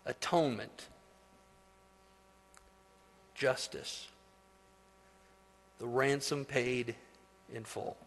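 A man preaching a sermon, building to loud, emphatic peaks and then dropping to soft, slow phrases. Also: medium pitch, steady tone, vocal fry. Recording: long hall reverb.

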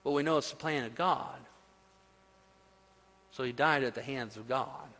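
A man preaching a sermon, building to loud, emphatic peaks and then dropping to soft, slow phrases. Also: mid-range voice. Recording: long hall reverb.

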